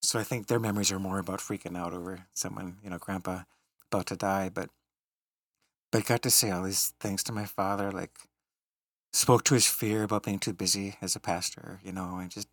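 A man's voice: deep voice, flat delivery, brisk, fairly bright tone, dry recording. A middle-aged man hosting a podcast, telling a personal story in a reflective, tender way. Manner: reflective, tender storytelling, laughing at funny moments. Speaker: podcast host. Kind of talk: storytelling in casual conversation.

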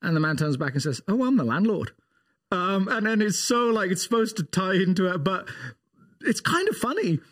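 A man with a slightly raised pitch talks his way through a long anecdote in a relaxed podcast conversation. He restarts his sentences and laughs easily, like a pastor used to telling stories. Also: fairly quick. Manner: rambling storyteller, laughs often, trails into restarts. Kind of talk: casual chat.

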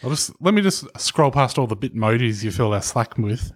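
A man's voice: mid-range voice, animated, brisk. A man co-hosting a casual podcast, teasing his friends and reading online posts aloud in a dry way. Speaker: podcast co-host.

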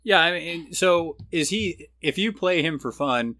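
Male co-host, bright tone, dry sound, jokey and agreeable. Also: on the high side, lively intonation, unhurried, no echo. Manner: agreeable, jokey, chimes in with short affirmations. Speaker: podcast co-host. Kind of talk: casual tabletop game discussion.

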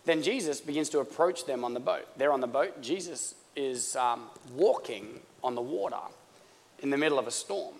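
Preaching in a church hall with long reverb, an Australian pastor jokes conversationally and gradually rises to fervor. His medium-pitched voice is expressive and creaky, moving at a normal speed.

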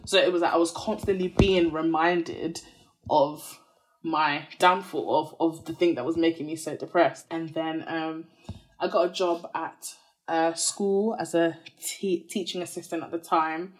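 A woman's voice: deep voice, fairly even intonation, a little slow. A woman in her twenties, a podcast guest candidly telling a personal story in a chatty, earnest way, full of "like" fillers.

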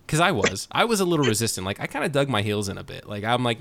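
A man's voice: quick pace, vocal fry, hardly any pauses. A man in his thirties from California hosting a podcast, chatting casually and animatedly with his guest. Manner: animated, jumps into exaggerated high voices for quoted people. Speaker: podcast host.

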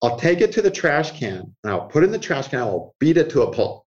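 A man with a slightly high voice talks through astrological ideas in a loose, conversational interview. He acts out the inner voices of his examples and chuckles often. The recording sounds muffled and lo-fi. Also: big pitch swings, fast talker, a little mellow. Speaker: astrologer guest. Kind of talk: animated conversational explanation.

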